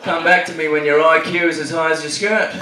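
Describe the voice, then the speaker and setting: Australian man impersonating a gruff crude male movie star, low and menacing, echoey club, distant mic. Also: steady tone, fairly quick, bright, forceful tone.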